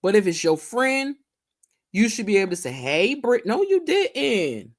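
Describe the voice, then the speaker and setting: A woman's voice: mid-range voice, very animated, moderate pace. A woman hosting a casual livestream chat, greeting viewers by name and stretching her words out. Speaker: livestream host.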